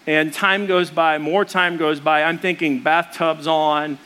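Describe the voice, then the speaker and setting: A man's voice: fairly high pitch, a little slow, clean tone. A man preaching a sermon, telling a story in a loose, conversational way and acting out the voices in it. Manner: animated, acts out the voices in his story; conversational, with fillers and restarts. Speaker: pastor.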